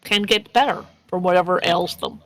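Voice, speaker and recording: A woman's voice: lowish voice, moderate pace, dry recording, low-quality recording. Chatty woman game master, dry close sound. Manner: chatty, giggly, stumbles and repeats words. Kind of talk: casual tabletop game narration.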